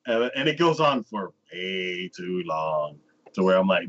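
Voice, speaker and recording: Hosting a laid-back anime review podcast, this man chats through an episode recap, rambling loosely and performing the characters' parts. His voice is low and a bit bright with big pitch swings, his pace a little slow, and the sound lo-fi.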